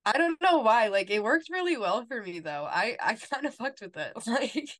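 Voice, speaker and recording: A woman's voice: a little high, normal speed. A young woman co-hosting a podcast, chatting casually and retelling scenes at length. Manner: retells scenes at length, quoting lines in a soft flat read. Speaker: podcast co-host. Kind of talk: casual chat recapping a TV episode.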